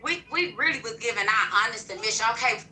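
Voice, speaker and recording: A woman talking bluntly and loudly in a heated online audio-room chat, swearing freely. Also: fairly high pitch, expressive, fast, low-quality recording.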